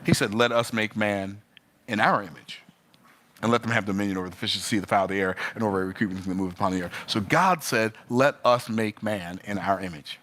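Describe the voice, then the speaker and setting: A man delivers a sermon in a bright, ringing voice. His delivery rises and falls, and he keeps asking the listener questions. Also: fast. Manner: rhythmic preaching, rising and falling in pitch. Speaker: preacher.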